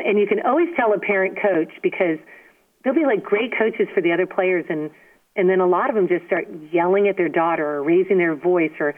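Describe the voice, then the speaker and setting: A woman being interviewed over a tinny, phone-like line, her voice sitting in a middle pitch. She tells stories in an animated, emphatic way and keeps checking in with "you know what I mean?". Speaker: guest, former softball player. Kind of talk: storytelling interview.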